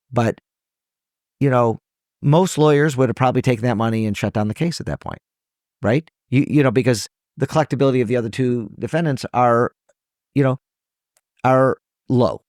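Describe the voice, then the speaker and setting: A man's voice: mid-range voice, moderate pace, pauses often, a little mellow, no room sound, studio quality. A man, a trial lawyer guest on a podcast interview, speaking earnestly and emotionally, his voice rising when he stresses a point.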